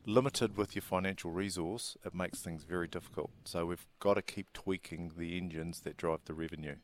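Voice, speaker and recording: A New man, a racing industry chief executive, answering interview questions in a measured, businesslike way with the odd filler. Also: deep voice, steady tone, slight background noise. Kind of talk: studio interview.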